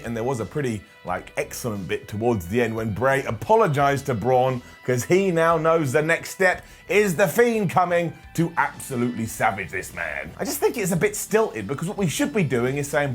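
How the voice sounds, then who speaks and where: A man's voice: fairly high pitch, big pitch swings, fairly quick, hardly any pauses, breathy edge, faint music behind. Sarcastic man reviewing wrestling. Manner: sarcastic, joking asides. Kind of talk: casual comedic video commentary.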